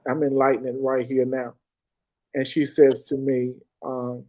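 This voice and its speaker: A man's voice: mid-range voice, little pitch movement, measured pace, a little mellow, poor audio. A middle-aged man from Arkansas, a former police detective earnestly telling a personal story and repeating phrases for emphasis. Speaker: podcast guest.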